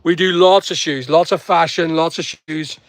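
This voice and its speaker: A man's voice: a little high, steady tone, moderate pace, no room sound. A middle-aged man rambling casually to his viewers in a vlog, jumping between topics and breaking off to greet people. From United Kingdom. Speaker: online seller and vlogger.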